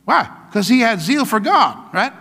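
A male pastor preaching an energetic sermon in a church, exclamatory and full of call-and-response urging. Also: sits high, a little slow, creaky, husky. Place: church sanctuary. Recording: long church hall reverb.

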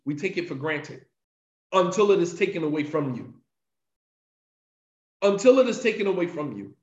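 A man preaching a devotional talk, emphatic, repeating key lines for effect and reciting Arabic passages quickly between his English explanations. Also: sits high. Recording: echoey, slightly dull recording.

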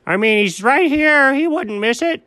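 A man voicing Alfred, an excitable, fussy cat who gets flustered and objects to everything in a comedy sketch. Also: dry recording, exaggerated voice. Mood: indignant. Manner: squeaky, indignant, quick to object. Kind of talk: comedic two-character sketch.

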